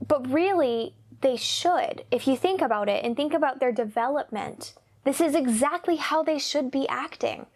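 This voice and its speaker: Earnest young mom talking to camera. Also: female voice, sits high, moderate pace. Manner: earnest, confiding, repeats phrases for emphasis. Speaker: parenting vlogger. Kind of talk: casual personal talk to camera.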